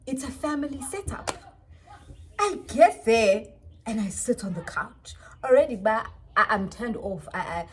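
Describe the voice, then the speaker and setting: A young South African woman in her twenties telling a storytime vlog in an animated, expressive way. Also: fairly high pitch, measured pace, slightly rough. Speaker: vlogger.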